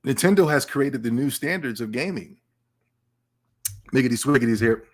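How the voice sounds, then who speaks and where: A man hosting a casual livestream podcast, excitable and stammering, talking to his live chat. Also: medium pitch, moderate pace, heavy background noise. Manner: animated, excitable, repeats and stammers. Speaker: podcast host.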